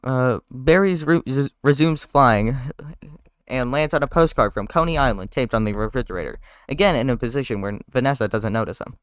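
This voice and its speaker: A man's voice: medium pitch, a little fast, clean tone, no echo, clean studio sound. A man streamer reading a movie script aloud live, in a casual voice that sometimes stumbles over words.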